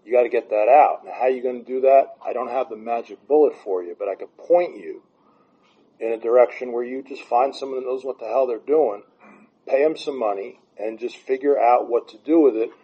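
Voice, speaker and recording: A man's voice: medium pitch, brisk, slightly rough. A man giving blunt, profane recovery advice and telling stories from his own life. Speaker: recovery speaker. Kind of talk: candid advice talk. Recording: dull lo-fi sound.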